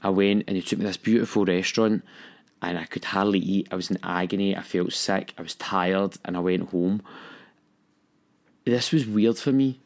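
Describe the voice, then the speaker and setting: A young man tells the story of a hard time in his own life, speaking candidly and with real feeling. He talks at a normal pace in a slightly low voice and performs the voices of the people he quotes.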